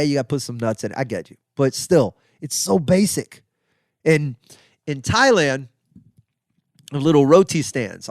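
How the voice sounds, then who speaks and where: A middle-aged man talks through listener questions on his solo podcast, rambling and chatty with plenty of fillers. His voice sits a bit high for a man. The sound is dry and close, with no room in it. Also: no room sound. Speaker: podcast host.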